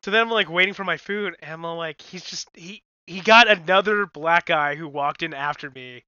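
A woman on a podcast, telling a story in a casual, animated way, acting out quotes and swearing freely. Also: fairly low pitch, normal speed, smooth, no echo. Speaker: podcast co-host. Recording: dull lo-fi dry sound.

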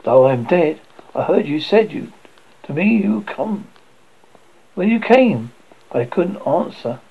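A man's voice: fairly high pitch, sing-song, slow pace, creaky, slightly rough, phone-quality sound, exaggerated voice. A man voicing the faint, weary ghost of a dead young wife, speaking in a hollow, pleading tone. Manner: pleading, tender.

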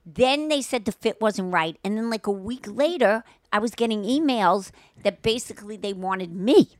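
A woman's voice: medium pitch, animated, normal speed, no echo, studio quality. A woman in her sixties co-hosting a podcast, chatting casually and emphatically, often talking over the others. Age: 60s. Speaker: podcast co-host. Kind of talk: casual chat.

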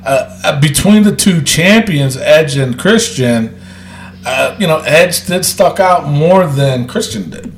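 A man hosting a casual wrestling podcast, talking loudly and excitably and laughing often. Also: fairly high pitch, slow pace, reverberant, slight background noise. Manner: loud, excitable, laughs a lot. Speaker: podcast host.

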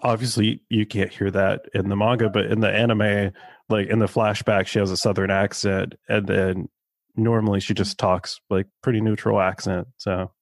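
A man's voice: lowish voice, flat delivery, moderate pace, gravelly, no room sound. A man co-hosting a podcast, easygoing, chiming in with short agreements and comments. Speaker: podcast co-host. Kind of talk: casual chat about a manga.

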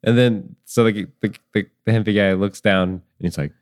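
A man's voice: fairly low pitch, fairly even intonation, moderate pace, no room sound, studio quality. A man running a tabletop game as dungeon master, in a rambling way with many ums and chuckles at himself.

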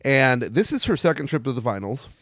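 A man's voice: mid-range voice, a little fast, no room sound. Brief: male sports-chat host, argues his takes with energy, very dry room. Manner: animated, argumentative, laughs often. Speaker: podcast host.

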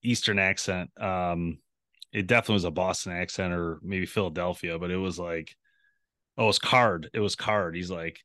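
Casting note: low-pitched male podcast co-host, rambling casual storyteller, dry close sound. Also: steady tone, normal speed, fairly bright tone, dry recording. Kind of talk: casual chat.

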